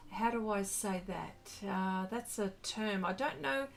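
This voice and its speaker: A middle-aged woman paints during a casual art livestream, gushing effusively as she reads viewer comments aloud. Her voice is medium-pitched and unhurried, gravelly yet bright, with a forceful tone.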